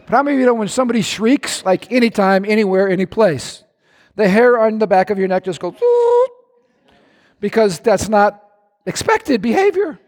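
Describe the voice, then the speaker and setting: Man, pastor, sermon, high voice, animated preaching with sudden shouts, long church-hall echo. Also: fairly quick.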